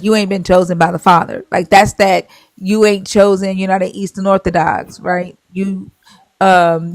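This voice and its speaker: A woman's voice: medium pitch, no echo, clean studio sound. A woman hosting a live stream, bluntly arguing and retelling scripture in casual slang with swearing.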